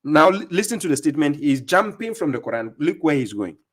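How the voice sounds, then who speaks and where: A man's voice: a little high, big pitch swings, fairly quick. A man hosting a livestream, giving mocking, sarcastic religious commentary on video clips he plays. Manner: scornful, sarcastic, lecturing. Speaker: livestream host reacting to clips.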